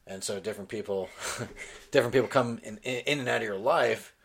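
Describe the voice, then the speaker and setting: Laid-back man in his thirties, lower voice. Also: a little fast, creaky. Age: 30s. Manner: relaxed, laughs often, many ums. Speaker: podcast host and father. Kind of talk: casual chat.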